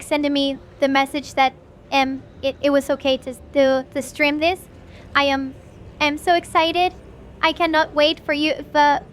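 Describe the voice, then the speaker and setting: Woman streamer, very high voice, excitable and gushy, lots of restarts; casual stream sign-off. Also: a little hiss or hum. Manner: gushing, excitable, stumbling over her words. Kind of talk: livestream wrap-up chat.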